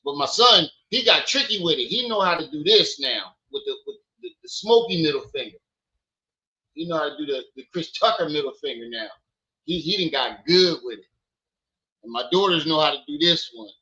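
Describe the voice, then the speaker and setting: Male streamer on daddy duty, bright ringing tone, a bit high, dull lo-fi stream audio. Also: fairly quick. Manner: loud playful teasing with his kids, then relaxed talk. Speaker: live stream host. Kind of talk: casual live stream chat. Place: at home with children.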